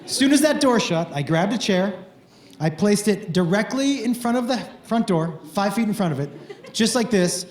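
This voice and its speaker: A man doing animated, self-mocking stand-up storytelling on a club stage. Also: high voice, moderate pace. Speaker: stand-up comedian. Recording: roomy club with live audience.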